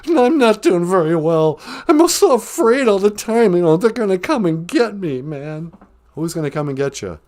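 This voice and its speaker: Soft-spoken woman cohost handing out simple advice, kinda sing-song. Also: fairly high pitch. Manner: gentle, advice-giving. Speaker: podcast co-host. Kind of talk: casual chat.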